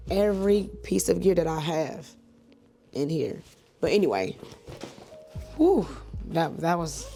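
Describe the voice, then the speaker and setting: A woman in her thirties, a church and wedding photographer, chatting to camera at home in a lively, rambling way. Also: on the low side. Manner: chatty, animated, digressive. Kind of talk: casual talk to camera.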